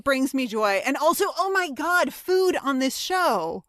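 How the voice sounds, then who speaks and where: A woman co-hosting a podcast in casual chat, animated and laughing often. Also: high-pitched, no room sound, studio quality. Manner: animated, laughing, quick asides. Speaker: podcast co-host.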